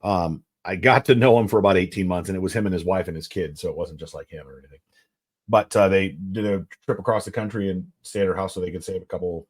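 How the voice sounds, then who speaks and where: A man with a somewhat low voice rambles through easygoing, profane stories on a podcast. He talks in a relaxed way. He is recording in a basement. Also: fast, husky. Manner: rambling, profane, laid-back storyteller. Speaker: podcast co-host. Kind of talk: casual chat.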